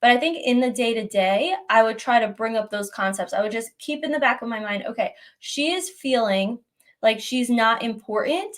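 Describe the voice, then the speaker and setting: Woman hosting a relaxed live Q&A. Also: fairly high pitch, moderate pace. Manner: conversational, gently reassuring, often asks "right?". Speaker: host answering viewer questions. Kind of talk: live Q&A advice stream.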